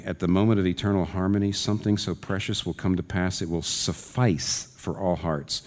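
Man, very low voice, sermon, earnest, pressing questions, long hall echo. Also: a little mellow. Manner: earnest, rising to urgent questions. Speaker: pastor. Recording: long reverb of a large hall.

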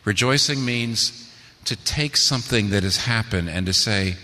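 A man's voice: on the low side, unhurried, sharp tone, long reverb tail. A man preaching a sermon, asking rhetorical questions and building to emphatic peaks. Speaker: pastor.

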